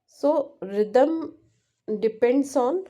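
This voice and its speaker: Lady walking thru a linguistics exam answer, slow and mellow, keeps asking "right?". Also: sits high, animated. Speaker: English teacher. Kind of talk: explaining exam answers in a lecture.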